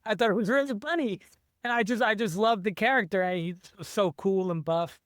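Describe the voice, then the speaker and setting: High smooth-voiced guy, author in a chill interview, rambling and restarting a lot, dry sound. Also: a little fast, fairly bright tone, no room sound. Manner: eager, rambling, many restarts. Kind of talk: casual interview chat.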